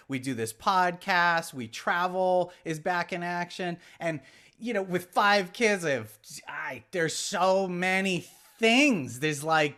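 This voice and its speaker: A man's voice: high voice, a bit bright. Rambling man opening a podcast. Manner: rambling, loose, with many fillers. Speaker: podcast co-host. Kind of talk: casual podcast chat.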